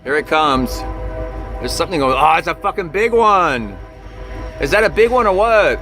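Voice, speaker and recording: High lively man rambling crude jokes. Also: normal speed, long pauses, soft background music. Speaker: vlogger filming a storm. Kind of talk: casual on-camera chat. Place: outdoors then a basement. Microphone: handheld camera. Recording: noisy outdoor phone video, wind.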